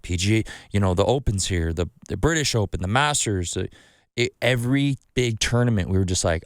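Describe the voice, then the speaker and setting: A podcast host with a fairly low, animated voice speaks a little fast, spinning a rambling, profanity-laden story in which he acts out his own quotes. The audio is studio quality with no room sound.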